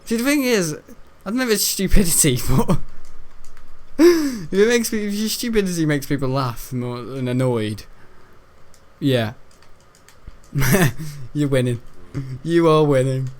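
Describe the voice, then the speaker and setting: A man's voice: on the high side, lively intonation, unhurried, pauses often. A young man from Britain, rambling and giggling as he tells a school story while playing a game. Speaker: gaming video host. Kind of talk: casual gameplay commentary.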